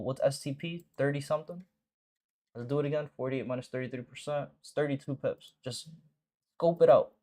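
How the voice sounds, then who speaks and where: A man's voice: mid-range voice, darkish tone. Blunt, profane male trading streamer. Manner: blunt and profane, talks straight to viewers with slang; repeats short phrases for emphasis. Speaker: forex trading mentor and stream host. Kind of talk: casual live-stream commentary.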